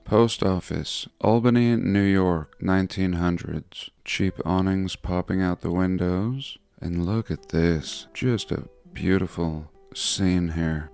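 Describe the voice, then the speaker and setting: A man narrating over old photographs in a casual, musing way, with excited asides. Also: low-pitched, clear, resonant tone.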